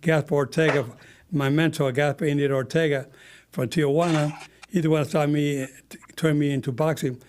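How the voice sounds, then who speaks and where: Fairly high-voiced man hosting an interview. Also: fairly even intonation, moderate pace, darkish tone, slight background noise. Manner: asks plain, direct questions. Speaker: interview host. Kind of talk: casual interview questions.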